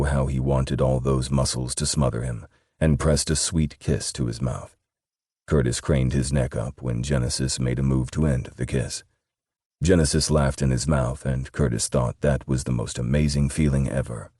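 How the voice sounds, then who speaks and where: A man reading an audiobook in steady, measured scripted narration. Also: very deep voice, slightly rough, dry recording, studio quality.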